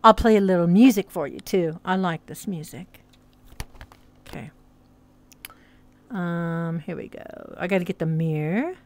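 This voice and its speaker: A woman streamer and hypnotist chats casually in a virtual reality social world, rambling with a bit of swearing in a mixed accent that's tough to place. Her voice is fairly low and unhurried, with long pauses.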